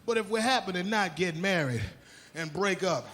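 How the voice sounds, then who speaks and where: A man from Haiti doing a brash, profane stand-up comedy set on a club stage, telling animated stories. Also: high-pitched, moderate pace. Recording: live club with loud crowd and noise.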